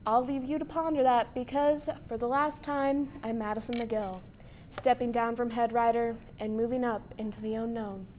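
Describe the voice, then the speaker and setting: A young woman delivers a sarcastic, mock-serious comic bit. Her voice sits a little high, with a faint background hiss on the recording. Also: fairly even intonation, normal speed, darkish tone. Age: young adult. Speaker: head writer. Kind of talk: comic scripted monologue.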